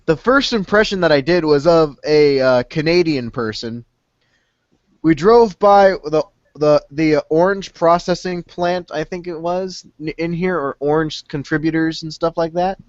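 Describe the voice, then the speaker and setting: A man's voice: fairly high pitch, unhurried, no room sound, dull audio. A young man hosting a casual podcast over a call, rambling and peppering his talk with a pet filler word. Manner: rambling, fills speech with "stinking". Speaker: podcast host. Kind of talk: casual chat.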